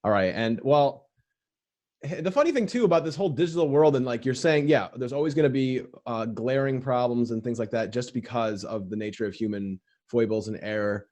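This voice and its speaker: Speaking fairly quickly in a mid-range, darkish voice, a male podcast host spins casual stories full of restarts and filler words, doing impressions of the people in them.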